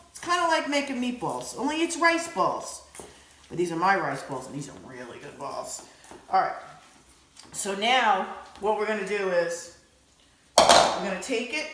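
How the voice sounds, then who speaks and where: A chatty, excitable woman walks through a home cooking demo, her voice pitched high. She rambles with plenty of fillers. The kitchen around her rings with echo. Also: a little hiss or hum. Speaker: home cook. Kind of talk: casual cooking demonstration.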